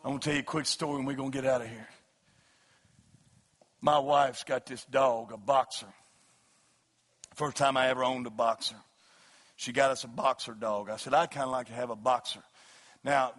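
A middle-aged man preaching a sermon, rising into loud shouted passages and then telling joking stories about his family and dog. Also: mid-range voice. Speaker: pastor. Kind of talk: sermon with humorous storytelling.

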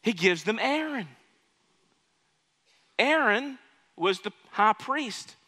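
A man preaching a sermon with a high, bright, ringing voice. He swings from loud, pleading cries to quiet asides to the congregation. His voice echoes through a hall with a long reverb. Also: animated, slow.

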